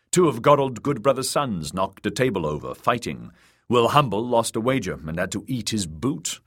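A man narrating an audiobook with expressive storytelling. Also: on the low side. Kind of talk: scripted narration.

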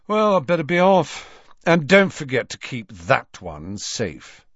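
A man's voice: medium pitch, sing-song, unhurried, no room sound, dull audio, pitched above the performer's own voice. A man voicing a sneering, arrogant teenage boy wizard who talks coldly and threateningly. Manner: cold, threatening, contemptuous.

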